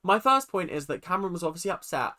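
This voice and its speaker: A young man casually ranting through a reality TV recap, chatty and animated, mocking people with quick impressions. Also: high-pitched.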